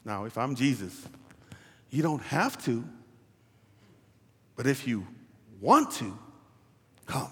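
A male pastor preaches with animated energy, going from loud calls to near-whispers. He keeps checking that his listeners are with him. A long reverb fills the large hall around him. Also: medium pitch, takes it slowly, long pauses. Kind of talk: sermon.

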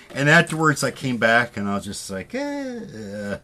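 웃음 많고 말이 오락가락하는 남자. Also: male voice, medium pitch, animated, moderate pace, bright, forceful tone, slight background noise. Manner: rambling storyteller, laughs often, self-mocking. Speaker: podcast co-host. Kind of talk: casual chat.

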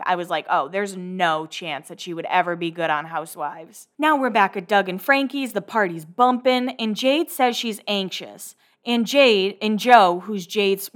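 A woman's voice: mid-range voice, a bit bright. Chatty woman with sarcastic asides. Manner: rambling, sarcastic asides, self-corrections. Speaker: podcast host recapping a reality show. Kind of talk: casual chatty recap.

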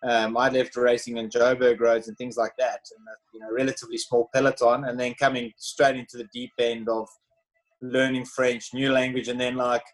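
A man's voice: mid-range voice, normal speed, poor audio. South african guy in his thirties chatting loosely, lots of "like" and "you know". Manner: relaxed storytelling, many fillers. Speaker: former pro cyclist, podcast guest. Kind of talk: casual chat.

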